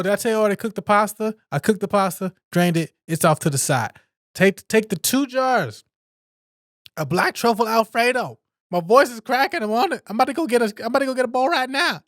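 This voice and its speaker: Animated, jokey man hosting a podcast. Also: very high voice, no echo, clean studio sound. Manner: animated, jokey, talks to himself. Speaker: podcast host. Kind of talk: casual solo podcast chat.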